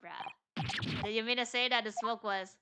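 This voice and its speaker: A woman's voice: fairly high pitch, steady tone, measured pace, background noise. A woman streamer reading a game's dialogue aloud and voicing every character herself, with casual asides between lines. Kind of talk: reading game dialogue aloud in a let's-play. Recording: game music playing underneath.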